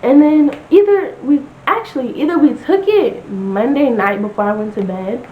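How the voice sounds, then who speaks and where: A young woman chatting casually on a storytime vlog, telling her story with lots of "like" and quoting people in animated bursts. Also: high-pitched, moderate pace. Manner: chatty, lots of "like", animated retelling with quoted voices. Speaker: vlogger. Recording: roomy, slightly dull home recording with noise.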